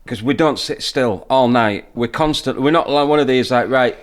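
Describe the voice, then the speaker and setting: A man co-hosting a podcast in a relaxed, easygoing way. His casual talk is sprinkled with swearing. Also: medium pitch, normal speed. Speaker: podcast co-host.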